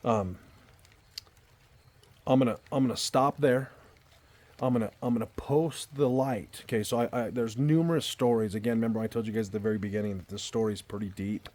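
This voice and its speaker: A man's voice: mid-range voice, a little fast, a little mellow. A man telling a personal story in a casual, earnest way, rambling and often repeating and restarting his words. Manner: earnest and heartfelt. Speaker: storyteller vlogger. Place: outdoors in a backyard at night.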